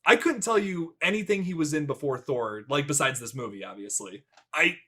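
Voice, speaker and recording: A man's voice: fairly high pitch, animated, fairly quick, sharp tone, breathy edge. A man hosting a casual movie review podcast, rambling, laughing often and wandering into tangents. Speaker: podcast host.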